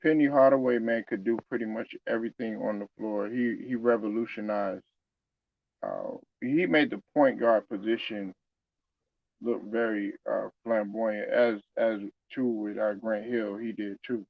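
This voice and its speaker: A sports commentator gives loose, conversational opinions on basketball, packed with fillers and restarts. He speaks unhurriedly in a lowish voice with vocal fry, and the sound is phone quality.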